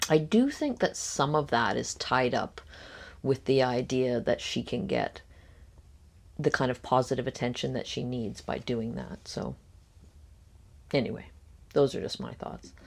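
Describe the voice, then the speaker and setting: A woman hosting a reaction commentary, picking apart a podcast clip in a critical, speculative way with frequent ums and pauses. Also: a bass voice, creaky. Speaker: commentary host.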